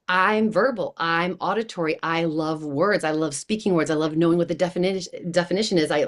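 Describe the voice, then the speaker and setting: A woman who works as a coach is a guest on an interview show, chatting casually in an animated, enthusiastic way. She acts out the voices of people she quotes, speaking in a lowish voice.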